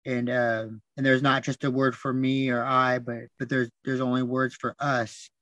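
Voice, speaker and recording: Soft-spoken guy telling stories on a podcast, very even monotone delivery, keeps restarting, dead dry mic. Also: mid-range voice, normal speed, no room sound, dull audio. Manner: soft-spoken, repeats words and restarts often. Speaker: podcast guest. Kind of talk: reflective storytelling.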